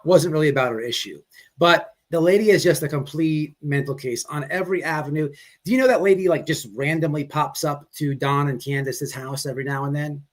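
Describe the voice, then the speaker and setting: A man's voice: on the high side, a little fast. A man hosting a casual commentary show, talking bluntly and rambling into ranting asides. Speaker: commentary host reacting to a livestream. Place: on a fast-food restaurant's wifi.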